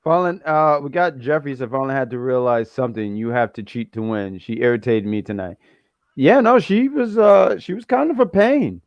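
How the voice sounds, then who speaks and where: A man's voice: medium pitch, normal speed, dry recording, dull audio. A man co-hosting a wrestling review show, joking and rambling in casual chat.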